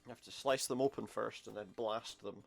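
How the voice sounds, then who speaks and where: A man's voice: lowish voice, fairly even intonation, brisk, vocal fry. A man commenting casually on a retro game he plays, with wry jokes and muttered asides. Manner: wry, jokey asides, muttered under breath. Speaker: gameplay commentator. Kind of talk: casual let's-play commentary. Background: game music.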